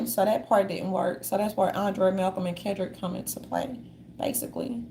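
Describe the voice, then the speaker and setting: A woman in a casual monologue, reading from notes in a sassy manner and calling listeners darlings, with a gravelly voice. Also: medium pitch, moderate pace, dark tone.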